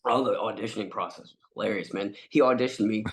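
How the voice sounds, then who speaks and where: A man's voice: fairly low pitch, fast. A man with a cold, a guest actor telling a story in casual chat, laughing often and acting out the quotes. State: has a cold.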